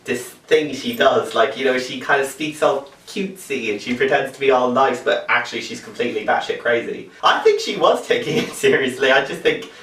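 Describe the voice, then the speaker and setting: A man's voice: medium pitch, animated, fairly quick, few pauses, a bit bright. A man co-hosting a casual film review, agreeable and chatty. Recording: roomy, mic at a distance.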